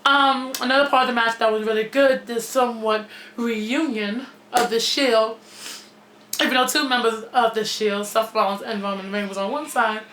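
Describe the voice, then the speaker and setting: A woman giving a casual, opinionated wrestling review, blunt and outspoken and quick to swear, recorded in a gym. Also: fairly high pitch, fairly even intonation, fairly bright tone, a little hiss or hum. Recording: echoey gym room.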